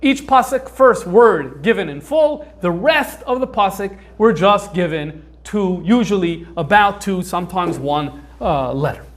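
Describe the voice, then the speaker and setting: High-voiced man lecturing with many fillers. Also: lively intonation, unhurried, hardly any pauses. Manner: conversational, thinks aloud with frequent fillers. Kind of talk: informal lecture on manuscripts.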